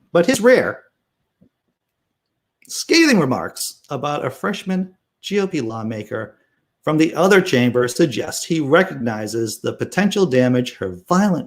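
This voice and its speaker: A political commentary host with a medium-pitched voice reads the news and chat comments in a casual stream. He's sarcastic and animated, laughing as he reads.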